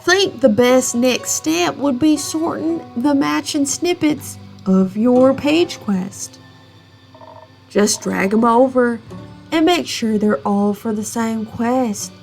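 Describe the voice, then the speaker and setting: A woman's voice: on the high side, takes it slowly, gravelly, a little mellow, faint music behind. A woman voicing a friendly, curious tavern keeper who asks prying questions in a chirpy, inviting way.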